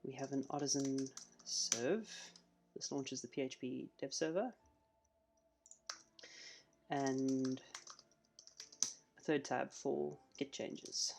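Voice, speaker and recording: A man streaming a live coding session, chatting casually and thinking out loud as he works. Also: mid-range voice, little pitch movement, slow, vocal fry, pauses often, background noise.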